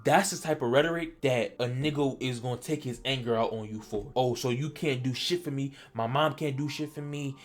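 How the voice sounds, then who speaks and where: A man from Delaware telling a personal story in casual vlog style, animated and stammering, acting out what he said back then. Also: medium pitch, brisk, hardly any pauses, soft background music. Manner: animated, stammering, acts out his own past lines. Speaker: storytelling vlogger.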